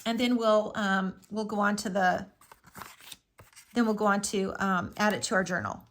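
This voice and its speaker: A woman's voice: mid-range voice, moderate pace, a little hiss or hum. A woman hosting a live craft tutorial, talking through each step in a chatty, enthusiastic way with frequent fillers.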